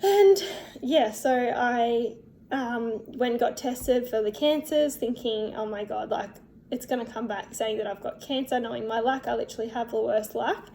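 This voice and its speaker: A young woman telling her personal story in a vlog, emotional and halting, with many fillers and restarts. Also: fairly high pitch, creaky, dark tone, slight background noise. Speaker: vlogger.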